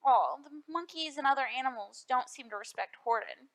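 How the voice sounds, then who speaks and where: A woman librarian reading a picture book aloud to children, expressive and asking them questions. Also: high voice, moderate pace, hardly any pauses. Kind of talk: storytime read-aloud.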